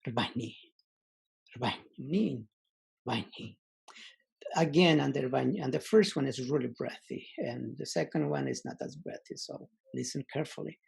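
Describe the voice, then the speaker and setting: A man teaching a language lesson online, slowly repeating example words and pausing with many fillers. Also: medium pitch, sing-song, creaky, darkish tone, slightly rough.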